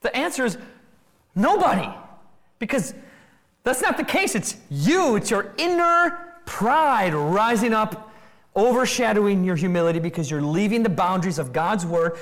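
A preacher working through a text in an expository sermon, with a voice that swings widely in pitch. The delivery leans on rapid rhetorical questions and brief acted-out quoted voices. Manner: animated, acts out quoted voices.

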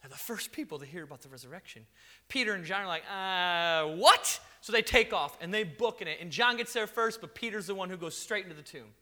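High, bright-voiced animated preacher man. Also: fast. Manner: animated, conversational storytelling with acted quotes. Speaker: pastor. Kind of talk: sermon.

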